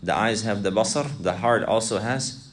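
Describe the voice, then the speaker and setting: Male religious teacher, deep voice, repeats himself, quizzes the class. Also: moderate pace, a little hiss or hum. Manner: repetitive, asks students questions, mixes Arabic recitation. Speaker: Islamic teacher. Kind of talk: classroom lesson explaining a text.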